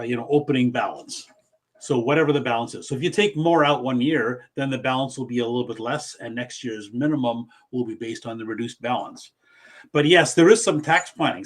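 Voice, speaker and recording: Man, middle-aged, from canada, financial planner, explanatory q&a talk, mid pitch. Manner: explanatory, with frequent restarts. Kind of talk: casual Q&A explanation.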